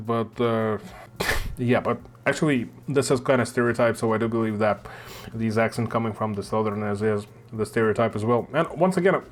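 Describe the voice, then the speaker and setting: A man with a Russian accent, hosting a reaction video and chatting casually, thinking aloud with lots of fillers. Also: medium pitch.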